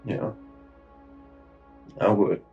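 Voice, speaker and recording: A man in his thirties speaking in a recorded police interview, halting and grief-stricken, with many fillers and trailing pauses. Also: warm tone, lo-fi sound, soft background music. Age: 30s.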